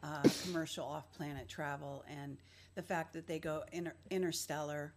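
A woman giving a rambling monologue in a halting, slow way, full of fillers, played as a clip. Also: low voice, fairly even intonation, crowd noise. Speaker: video presenter.

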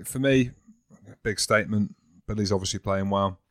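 A man's voice: fairly low pitch, normal speed, no echo. Teasing man, dry studio banter. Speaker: podcast co-host. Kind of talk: casual chat.

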